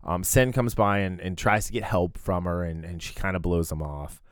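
A man co-hosting a podcast, recapping a show in casual, meandering chat with plenty of fillers. His voice sits on the low side, and the sound is close and dry with no room around it. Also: steady tone, normal speed, clear, resonant tone, dry recording. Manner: rambling recap with fillers and restarts. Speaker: podcast co-host.

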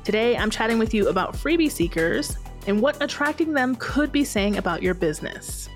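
A woman's voice: fairly high pitch, lively intonation, fairly quick, soft background music. A woman hosting her own podcast, talking solo to her listeners in a chatty, playfully sarcastic way. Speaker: podcast host.

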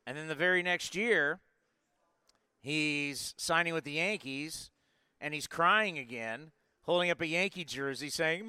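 A man in his forties hosting a live sports talk show, talking in an energetic, rambling way with lots of asides. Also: on the high side, unhurried, smooth, no room sound. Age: 40s. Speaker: sports podcast host.

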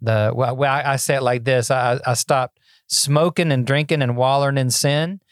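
A man's voice: mid-range voice, steady tone, normal speed, no room sound, studio quality. A man in his sixties, a podcast guest, telling his life story in a folksy, self-deprecating way, often repeating words as he starts a thought. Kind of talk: casual interview storytelling.

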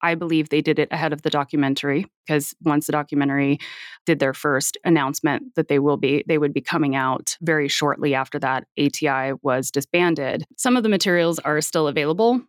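A woman's voice: low-pitched, brisk, no echo, studio quality. A woman speaking as a podcast guest in a casual interview, earnest and at times dryly sarcastic.

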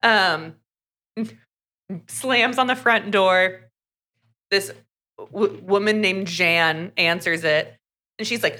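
A woman's voice: medium pitch, takes it slowly, pauses often, sharp tone. A young woman co-hosting a podcast, casually retelling a novel's plot with lots of "like" fillers. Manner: chatty, many "like" fillers, acts out characters' lines. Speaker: podcast co-host reviewing a romance novel.

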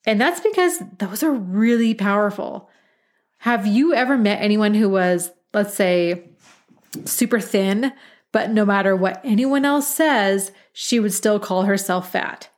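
A woman's voice: medium pitch, a little slow. Give me a candid woman podcast host in her thirties, chatty and direct. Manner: candid, chatty, peppered with mild swearing. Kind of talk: casual podcast monologue.

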